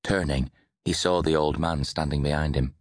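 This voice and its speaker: A man narrating an audiobook in a measured storytelling manner, close to a studio mic. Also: rumbling low, steady tone, dry recording. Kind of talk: scripted narration.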